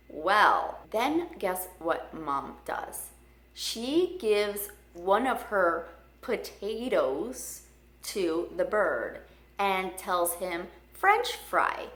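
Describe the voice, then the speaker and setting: A woman's voice: medium pitch, pushed and bright. A woman from the United States telling a casual family story in a chatty way, full of "like". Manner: chatty, filler-heavy with frequent "like". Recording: roomy echo.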